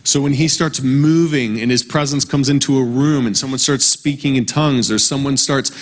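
A man's voice: medium pitch, fairly even intonation. Earnest preacher man in a reverberant hall. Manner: conversational, earnest, slows down for emphasis. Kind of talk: sermon. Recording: long reverb from a large hall.

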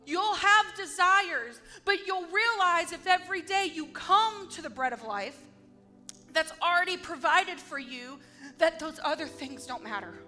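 A woman's voice: very high voice, animated, measured pace, bright, forceful tone, faint music behind. A woman giving an earnest, heartfelt devotional testimony, speaking with emphasis.

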